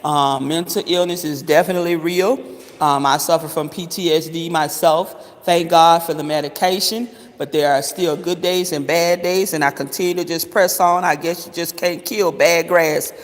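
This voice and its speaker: A man's voice: fairly high pitch, fairly even intonation, normal speed. Chatty man, echoey room. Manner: chatty, calls viewers honey and baby, swears freely. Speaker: vlogger. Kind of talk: casual chat to viewers. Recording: long reverberant echo.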